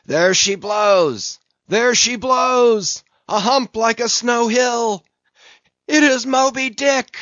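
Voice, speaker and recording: A man's voice: on the high side, fairly bright tone, no echo, voice pushed up. Ahab, a bellowing old sea captain, as a man voices him. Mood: exultant. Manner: bellowing orders, drawn-out cries. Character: obsessed old sea captain, commanding, fierce. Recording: dull, dry sound.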